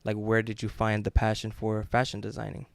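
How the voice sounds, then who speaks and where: A man's voice: lowish voice, completely flat delivery, a little fast, creaky, no room sound. A man hosting a podcast, asking questions in a casual, hesitant way with many fillers. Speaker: podcast host. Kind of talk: casual interview.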